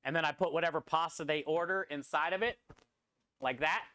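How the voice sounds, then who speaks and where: Chatty chef talking through kitchen prep. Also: male voice, a little high, brisk, pushed and bright, no room sound. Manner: rambling, talks through prep and reads chat. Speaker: food truck chef streamer. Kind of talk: casual live-stream chat while cooking. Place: food truck kitchen.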